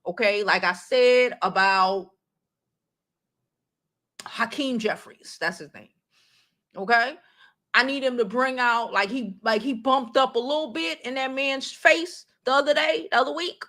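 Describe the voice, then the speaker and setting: A woman with a Brooklyn accent chats live with her viewers. Her voice sits a little high and bright. She talks in a blunt, animated, unfiltered way. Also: unhurried. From New York City. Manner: animated, blunt, swears freely. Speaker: vlog host. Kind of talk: casual live-stream chat.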